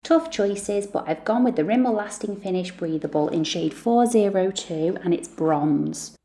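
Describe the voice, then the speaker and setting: A woman's voice: mid-range voice, measured pace, warm tone. A woman, a mum and beauty vlogger, talking through her makeup routine in a chatty, self-deprecating way. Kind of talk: makeup tutorial chat.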